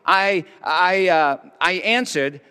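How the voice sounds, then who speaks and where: A man's voice: on the high side, slow, sharp tone, clear, resonant tone, in a large hall. A man playing Pontius Pilate as a conflicted Roman governor, speaking a stammering, confessional monologue in character. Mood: offhand. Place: church hall.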